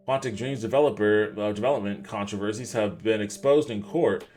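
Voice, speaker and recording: Male podcast host with an average-pitched voice, casual and wry, reads news articles aloud and trips over names. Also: darkish tone. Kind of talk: livestream podcast, reading articles aloud with commentary.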